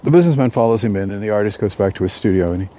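A man telling a parable aloud, unscripted, with halting restarts and fillers. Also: fairly low pitch, mellow, a little hiss or hum. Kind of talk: oral storytelling of a parable.

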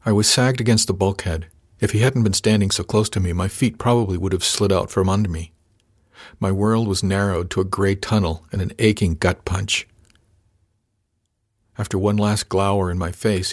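A man reading a first-person novel aloud as an audiobook narrator, measured and lightly voicing the characters. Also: low voice, fairly even intonation, no room sound, studio quality.

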